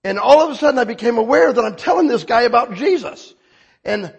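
A man in his sixties giving an emotional, humorous personal testimony, swinging from hushed reverence to excited shouting. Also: very high voice, fast, creaky.

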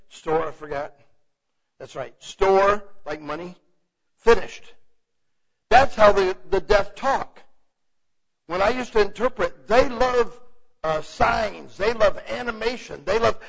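With a high-pitched voice marked by vocal fry, this preacher gives a relaxed, conversational Bible lesson. He's animated, seeking assent with a frequent "okay?", and the audio is muffled and lo-fi.

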